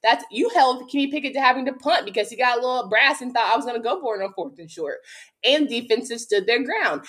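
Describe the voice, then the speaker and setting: A woman with a slightly high voice and a Southern twang rants about her football team on a talk show. She vents fast and loud, breaking into laughter between complaints. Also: lively intonation. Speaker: co-host. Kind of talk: casual sports talk.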